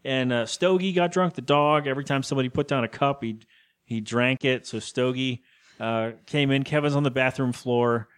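A man's voice: medium pitch, moderate pace, clean tone. A young man co-hosting a podcast, rambling through a TV episode recap and acting out the characters' lines in put-on voices. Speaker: podcast co-host. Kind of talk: casual chat recapping a TV episode.

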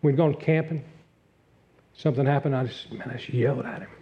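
A middle-aged man preaching a sermon as pastor, earnest, dropping to a hush and rising again. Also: mid-range voice, fairly even intonation, a little fast. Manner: earnest, swings from loud to hushed. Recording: dull lo-fi sound.

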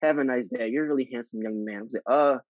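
A man hosting a podcast, telling stories with animated acted-out dialogue. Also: mid-range voice, fast, no echo, highs cut off. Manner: animated storyteller, acts out dialogue. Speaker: podcast host. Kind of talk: casual chat.

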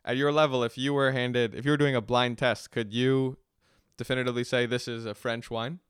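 A man interviews a guest, his questions curious and measured. His voice is smooth and resonant. The sound is dry and close. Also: medium pitch, little pitch movement, fairly bright tone, no echo. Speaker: interviewer host.

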